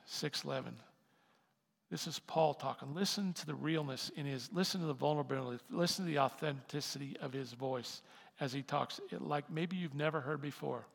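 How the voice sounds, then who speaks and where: A man preaching a sermon as pastor, impassioned and building to loud emphatic peaks. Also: mid-range voice, gravelly. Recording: long hall reverb.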